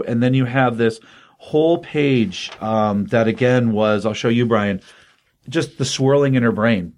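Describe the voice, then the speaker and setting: A man's voice: medium pitch, a little slow, darkish tone. An older man casually reviewing a comic book, earnest and rambling with plenty of fillers, open about his feelings.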